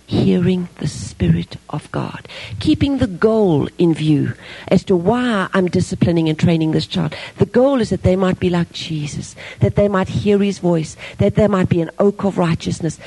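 A middle-aged woman preaches to parents in a warm, mellow voice with a gravelly edge. She speaks earnestly and with emphasis, sometimes sinking to a hushed, breathy tone, and her voice has a husky grain throughout. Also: lowish voice, poor audio. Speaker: Christian speaker teaching parents. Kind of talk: personal-story sermon.

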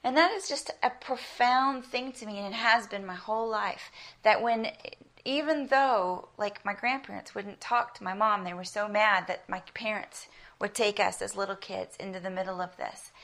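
A middle-aged woman originally from South Africa, with an American accent, preaches an earnest sermon full of personal anecdotes. She speaks emphatically at normal speed, her mid-range voice carrying a fairly bright tone.

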